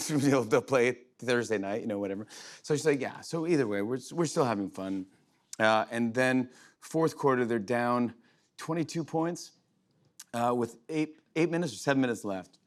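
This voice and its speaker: A middle-aged man hosting a late-night show, telling a rambling, excited story full of restarts and fillers. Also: mid-range voice, moderate pace. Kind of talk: monologue, storytelling chat. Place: TV studio with live audience.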